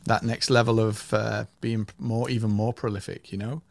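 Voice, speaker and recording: A man's voice: lowish voice, level tone, normal speed, creaky, no echo. A man speaking as a podcast guest, agreeable and trailing off as he talks. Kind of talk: casual chat.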